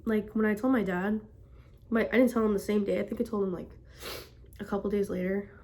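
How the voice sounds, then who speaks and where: A woman's voice: mid-range voice, steady tone, a little fast, a little mellow. A young woman telling a personal story in a casual vlog, rambling with constant "like" fillers. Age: young adult. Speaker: vlogger.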